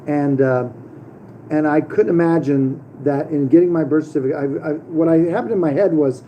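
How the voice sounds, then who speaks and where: A middle-aged man hosts his own channel and talks casually to camera. He rambles, restarting sentences and filling gaps with ums and uhs. His voice sits a little high yet sounds very dark and mellow, with a faint hiss of noise behind it. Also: moderate pace, poor audio. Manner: rambling, with many fillers and restarts. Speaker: channel host. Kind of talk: casual vlog monologue.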